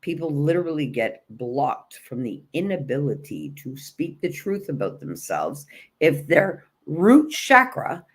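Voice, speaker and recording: A woman's voice: sits low, sing-song, a little slow, slightly rough. A woman coaching on energy and self-love in a blunt, emphatic, repetitive way, swearing casually and restarting her sentences. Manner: conversational, with frequent restarts and fillers. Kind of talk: motivational spiritual talk.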